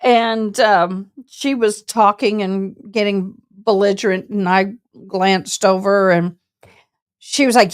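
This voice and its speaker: A woman's voice: medium pitch, fairly even intonation, slow, clear, resonant tone. A woman telling a story casually and colloquially, a service dog handler who acts out other people's voices.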